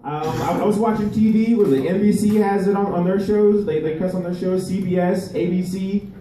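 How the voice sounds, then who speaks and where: A male stand-up comedian performing a live set, rambling and halting, with many restarts. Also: sits high, steady tone, mellow. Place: live comedy venue with audience. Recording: echoey room, voice far from mic.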